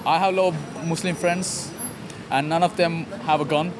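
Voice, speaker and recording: A man's voice: fairly high pitch, steady tone, moderate pace, a crowd in the background. Earnest young man from Sri Lanka. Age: young adult. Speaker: interviewee on the street. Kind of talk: street interview. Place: city street outdoors. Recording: street noise behind.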